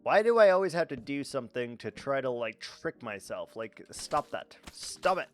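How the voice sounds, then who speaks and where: A man's voice: medium pitch, big pitch swings, normal speed. A man chatting casually while streaming a game, rambling, swearing freely and talking to his chat. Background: faint background music.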